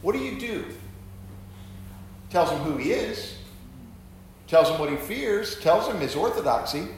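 A man preaching with earnest emphasis and plenty of rhetorical questions, his pitch rising and falling in a lively, animated way. His voice rings around a very echoey room with faint noise behind. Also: takes it slowly, pauses often. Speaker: pastor teaching. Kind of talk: sermon-style Bible teaching.

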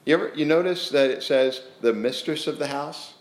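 Animated male preacher in an echoey hall. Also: fairly high pitch, moderate pace. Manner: lively, acts out the scripture scenes, often restarts his sentences. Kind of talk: sermon with animated storytelling. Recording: roomy echo.

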